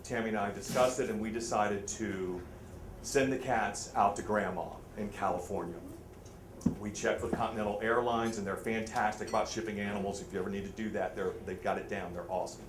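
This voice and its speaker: A man telling a funny story live to an audience, self-mocking and animated, his voice jumping high when he gets excited. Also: a little fast, background noise. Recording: roomy hall with faint ambience.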